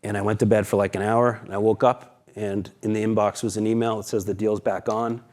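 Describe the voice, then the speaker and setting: Candid, swearing founder from on stage. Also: male voice, lowish voice, level tone, fast, darkish tone. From Boston, USA. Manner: candid, profane, dramatic storytelling with acted quotes. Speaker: keynote speaker, company founder. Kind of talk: conference keynote storytelling. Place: conference stage.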